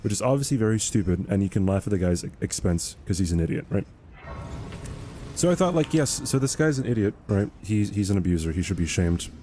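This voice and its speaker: A man's voice: on the low side, animated, a little fast, warm tone, a little hiss or hum. A young man streaming a game, chatting casually and rambling, repeating words and ending points with "right?". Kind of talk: casual livestream chat while gaming.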